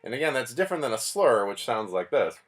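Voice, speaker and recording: A man's voice: medium pitch, sing-song, fast, faint music behind. A man teaching a band lesson in a patient, plainspoken, explanatory way. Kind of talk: music lesson.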